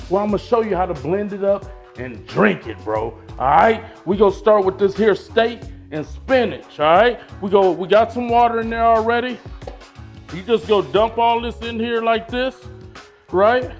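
Hyped, slangy man with a high voice. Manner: loud, hyped, slangy and boastful. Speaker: fitness vlogger. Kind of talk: casual vlog.

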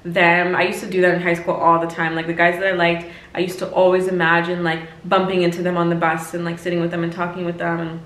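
A woman's voice: on the low side, monotone, fast talker, few pauses, fairly bright tone. A woman in her twenties giving casual, emphatic advice in a chatty vlog, often repeating herself. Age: 20s. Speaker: lifestyle vlogger. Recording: echoey room.

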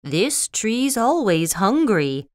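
A woman voicing a gentle, worried young boy who speaks mildly and apologetically. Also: mid-range voice, big pitch swings, takes it slowly, dry recording, clean studio sound. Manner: mild, apologetic.

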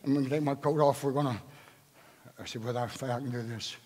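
A man's voice: mid-range voice, fairly even intonation, quick pace, a little mellow. An older man, a bishop, preaching a sermon at a live church service and quizzing the congregation with rhetorical questions. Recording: echoing church hall.

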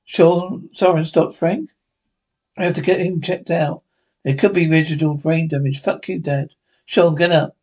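A man's voice: fairly high pitch, fairly even intonation, a little slow, darkish tone, breathy edge. A man reading a TV drama script aloud, voicing every part himself and speaking the stage directions too. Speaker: script reader.

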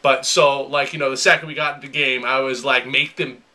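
A young man hosting a gaming advice video, telling his stories in an animated, over-the-top way. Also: medium pitch, fast. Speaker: gaming and self-improvement video host. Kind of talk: casual storytelling advice.

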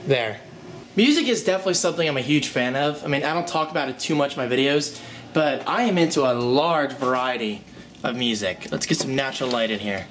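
A young vlogger with a medium-pitched voice talks a little fast, joking around and speaking to his dogs as he walks through his home. Music plays from his phone, and there is background noise.

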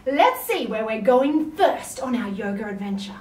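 A woman's voice: a little high, big pitch swings, moderate pace, a little mellow. A woman leading a children's yoga class, playful and encouraging, making animal sounds with the children. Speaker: kids' yoga teacher. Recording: roomy sound from a distant mic.

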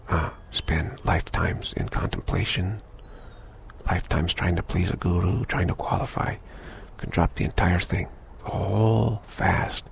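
A male spiritual teacher speaking slowly in a very low voice. His tone is strongly gravelly and creaky. He repeats phrases as he talks. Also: slight background noise. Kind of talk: spiritual talk.

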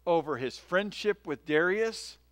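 A male pastor delivers a sermon in a friendly, storytelling way, often pausing to ask his listeners "right?" His voice sits a little high for a man. The sound is dry, with almost no room echo. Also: expressive, fairly bright tone, clear, resonant tone. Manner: conversational, tells stories, often checks in with "right?". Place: church.

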